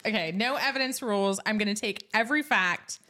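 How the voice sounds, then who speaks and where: A woman attorney co-hosting a casual podcast, playful and amused, quick to laugh, on a studio microphone. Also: mid-range voice, sharp tone. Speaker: attorney, co-host.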